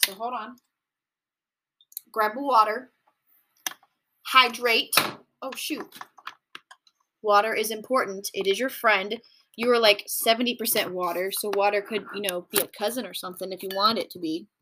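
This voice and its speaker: With fairly even intonation and a moderate pace, a young adult woman rambles through her home-recorded commentary podcast, leaving long pauses. She's chatty and does mocking high-pitched impressions, and there's background noise behind her.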